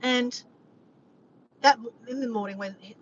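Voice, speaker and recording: Chatting loosely with her audience during a live stream, this woman vlogger is lively, curses a lot, and keeps saying "guys." She speaks a little high and takes her time. Faint background noise sits under a slightly muffled recording.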